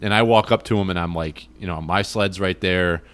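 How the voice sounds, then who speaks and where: A man hosting a podcast, telling a story in an animated, rambling way with lots of restarts. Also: deep voice, brisk, smooth. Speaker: podcast host. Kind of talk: casual storytelling chat.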